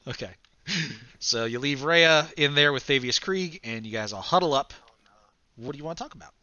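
A man narrating as game master of a tabletop game in a relaxed, laughing way, with a dull, lo-fi sound. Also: a little high, fairly quick, dry recording.

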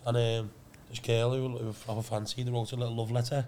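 A man's voice: mid-range voice, flat delivery, a little fast, dark tone, slight background noise. A man who is a comedian and a podcast guest, telling jokey stories in casual banter. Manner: chatty, jokey storyteller.

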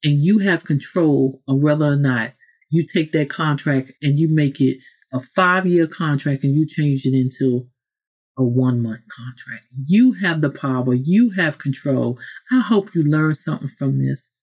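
Low, a little slow, and slightly mellow with a breathy edge, this woman's voice carries a preachy motivational podcast monologue addressed straight to the listener. Self-corrections and asides crop up often.

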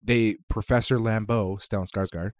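A man's voice: lowish voice, steady tone, normal speed, dry recording, clean studio sound. A man co-hosting a podcast, animatedly retelling a movie scene with lots of swearing. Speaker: podcast host. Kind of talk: casual chat.

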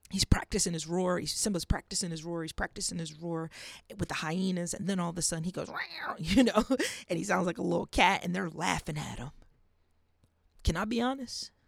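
A woman hosting a faith podcast, preaching earnestly and dropping to a hush for emphasis. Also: fairly low pitch, gravelly, dry recording, studio quality. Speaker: podcast host. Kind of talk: faith-based podcast monologue.

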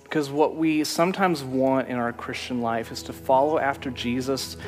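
A man's voice: mid-range voice, fairly even intonation, moderate pace, in a large hall, soft background music. A man preaching a sermon as pastor, telling stories in a conversational way.

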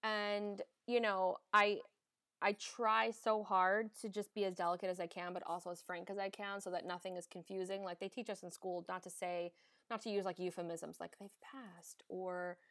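A young woman, an emergency nurse hosting a podcast, talks in a frank, emphatic way and swears freely. Her voice sits at a middle pitch for a woman, and the recording is dry and close. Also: flat delivery, moderate pace, a bit bright, dry recording. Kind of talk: candid casual chat.

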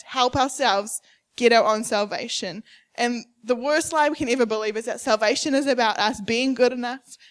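A young adult woman preaching a sermon at a church service, emphatic and repetitive, acting out the people she quotes. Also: a little high.

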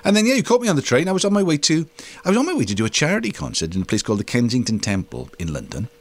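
A man hosting a podcast and chatting casually with a guest. He tells stories with real enthusiasm, and his pitch climbs and dips freely as he talks. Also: very fast. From Wales. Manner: animated, enthusiastic storyteller. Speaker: podcast host. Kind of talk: casual chat.

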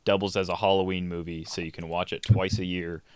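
A man co-hosting a casual podcast, with wry, deadpan humor. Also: low-pitched, fairly quick, clean tone. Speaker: podcast co-host.

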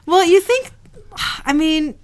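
A woman co-hosts a casual podcast from a room at home, chatting and recapping an episode: she retells scenes, reads quotes in a plain voice, and giggles often. Her voice is extremely high and expressive, her pace slow, and a loud crowd can be heard.

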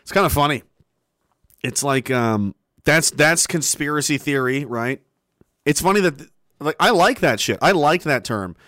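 A man's voice: fairly high pitch, expressive, a little slow, a bit bright, no room sound, studio quality. A young man, hosting a casual livestream, reading chat messages aloud and talking in a rambling, profane way.

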